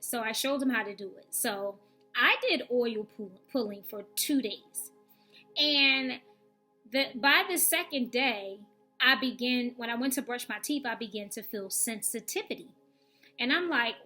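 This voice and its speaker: A woman's voice: on the high side, normal speed, bright, forceful tone, soft background music. A woman giving a candid personal faith testimony in a frank, conversational, reflective way. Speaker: vlogger sharing faith testimony.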